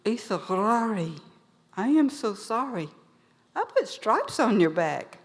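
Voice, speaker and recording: A woman's voice: mid-range voice, very animated, a little slow. A woman storyteller voicing a teasing big brother animal with claws, stern and grumbling. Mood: apologetic. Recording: long hall reverb.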